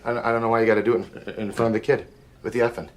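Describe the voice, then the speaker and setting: An actor playing a fast-talking man who lectures a friend in a matter-of-fact way. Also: lowish voice, little pitch movement, close to an everyday voice. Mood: lecturing. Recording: noisy film clip.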